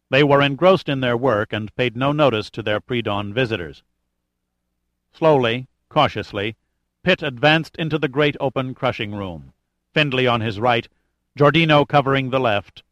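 A man reading a thriller audiobook in a measured, even narration. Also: medium pitch, no room sound. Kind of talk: scripted narration.

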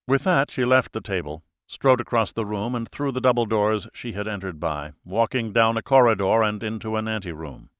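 A man narrating a thriller audiobook in a measured, dramatic storytelling manner. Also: lowish voice, a bit bright, no room sound, studio quality.

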